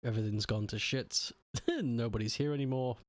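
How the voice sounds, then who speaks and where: A man's voice: mid-range voice, moderate pace, no room sound, clean studio sound. A man chatting casually while streaming a game, grumbling about technical trouble. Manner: grumbling, easily frustrated by tech trouble. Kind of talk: casual gaming stream chat.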